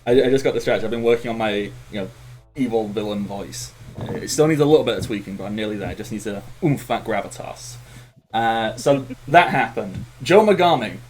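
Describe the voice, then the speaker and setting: A man's voice: on the low side, a little fast, darkish tone, slight background noise, rough recording. A man running a tabletop game as game master, recapping the last session in a rambling, easygoing way with frequent laughs. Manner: laughs often, rambling with fillers.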